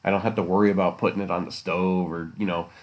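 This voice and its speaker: A man's voice: low-pitched, flat delivery, fast talker. A man hosting a solo podcast, rambling casually and teasing his listeners with jokes. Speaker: podcast host.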